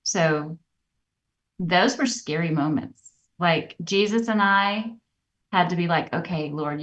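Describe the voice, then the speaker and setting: A woman co-hosting a podcast, telling personal stories in an earnest, reflective way that turns animated. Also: on the low side, slow. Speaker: podcast co-host. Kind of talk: candid personal storytelling. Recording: dull, slightly distant podcast audio.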